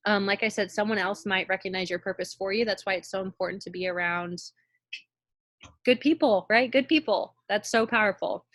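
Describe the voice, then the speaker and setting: A woman's voice: medium pitch, bright, forceful tone, no room sound. Emphatic woman on a team call. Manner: emphatic, repeats phrases for effect. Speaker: team leader. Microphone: call audio.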